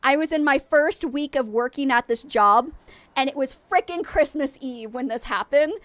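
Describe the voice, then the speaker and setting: Very high-voiced bubbly woman streamer. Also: normal speed, dry recording. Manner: bubbly and excitable, laughs often. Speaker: variety streamer. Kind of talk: live game stream chat.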